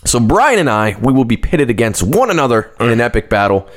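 A man co-hosting a casual podcast, talking in a relaxed, rambling way with lots of fillers. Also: mid-range voice, fairly quick. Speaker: podcast co-host.

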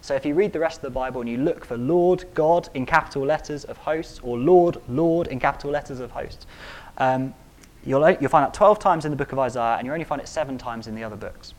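A man delivers a sermon in an emphatic style. He stresses key phrases by repeating them and climbs to loud peaks on important words. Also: mid-range voice, brisk. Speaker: preacher.

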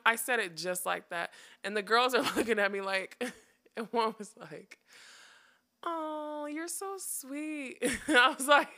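A woman's voice: a little high, pushed and bright. A young woman host chatting casually on her podcast, telling a laughing, wry story while sounding tired. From United States. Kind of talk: casual chat.

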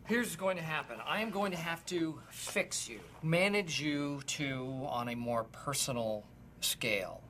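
An actor playing a self-important, overeager office boss in a sitcom. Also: male voice, on the high side, unhurried, pushed and bright, a little hiss or hum. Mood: pompous. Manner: pompous, overeager. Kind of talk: sitcom acting.

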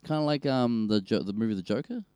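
A man co-hosting a casual podcast. He jokes crudely and rambles through his sentences, in a dark, mellow voice recorded close and dry. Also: mid-range voice, lively intonation, fast, smooth, no room sound. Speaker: podcast co-host. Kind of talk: casual chat.

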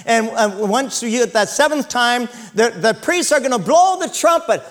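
A pastor with an extremely high-pitched voice preaches at normal speed, retelling scripture with animated energy. He shouts and calls out to the congregation for amens.

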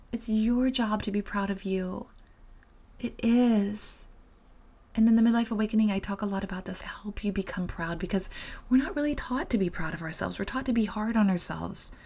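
A woman in her forties hosts her own podcast and talks straight to listeners in a frank, emphatic way. She curses casually and repeats her main points for effect. Her voice has a breathy edge and sits at an ordinary middle pitch. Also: darkish tone. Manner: blunt, swears freely, emphatic repetition. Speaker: podcast host and life coach. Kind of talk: solo motivational podcast talk.

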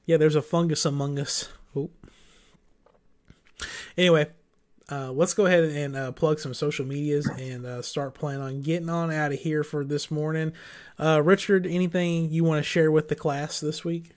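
A man's voice: fairly high pitch, fairly even intonation, moderate pace, darkish tone. A man hosting a casual gaming podcast, chatting loosely and winding down the show. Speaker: podcast host. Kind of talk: casual chat.

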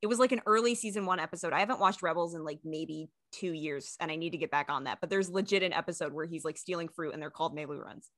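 A woman co-hosts a casual podcast, her lowish voice carrying a bright, sharp edge as she talks eagerly and laughs often. The recording is dry and close to the mic. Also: no echo. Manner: eager, quick to laugh, rambling fan talk. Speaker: podcast co-host. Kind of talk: casual chat.

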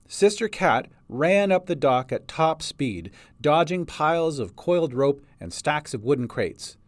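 A man's voice: fairly high pitch, expressive, measured pace, hardly any pauses, no echo. A man reading a fantasy story aloud as narrator. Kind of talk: audiobook narration.

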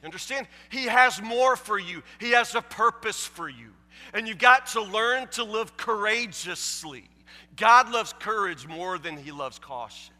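A man delivers a sermon in a high, piercingly bright voice. He presses his points hard, stumbles into quick restarts, and keeps checking whether his listeners understand. His words ring out with the long reverb of a large hall. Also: lively intonation. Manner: emphatic, repeats "you understand?"; stammering restarts, drops low and soft for the story. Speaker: preacher.

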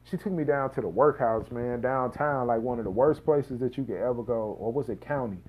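A man from Missouri tells a personal story in a loose, rambling way, full of slang, fillers and side remarks. His voice sits at an ordinary pitch for a man. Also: brisk, narrow, tinny audio. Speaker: podcast host. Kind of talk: casual first-person storytelling.

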